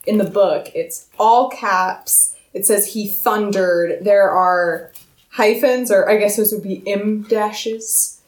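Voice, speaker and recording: Woman, book podcast co-host, casual chat, animated, middle pitch, echoey room. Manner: animated, quotes lines from the book aloud. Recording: roomy echo.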